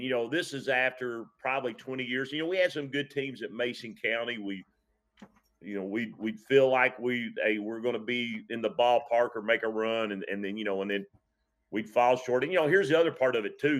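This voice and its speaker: A man who coaches high school football, speaking casually on a podcast, reflective and earnest, often restarting his sentences. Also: a bit bright. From Kentucky.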